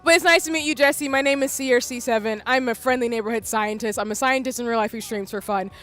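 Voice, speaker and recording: A woman's voice: a little high, fast talker, a bit bright. A woman game streamer reacting live, gushing and exclaiming while crying, with faint game music behind her.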